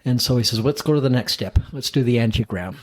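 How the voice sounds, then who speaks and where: A man's voice: mid-range voice, quick pace, no echo. A middle-aged man, a podcast guest, tells his own story in casual talk, acting out the voices of the people in it and chuckling at himself.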